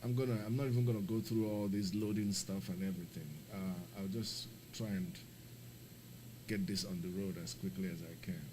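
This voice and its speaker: A man's voice: sits low, normal speed, noisy background. A man streaming a flight simulator, chatting casually and talking himself through the setup, apologetic and rambling, getting emphatic and laughing when he rants. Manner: animated, emphatic when ranting, laughs often. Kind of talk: casual live-stream commentary.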